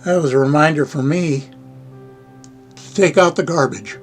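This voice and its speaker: An older man with a Midwestern American accent chats casually on his livestream, rambling along in a folksy way with chuckling asides. His voice sits a little high. Faint music plays behind him. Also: unhurried. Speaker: livestream host. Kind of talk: casual live-stream chat.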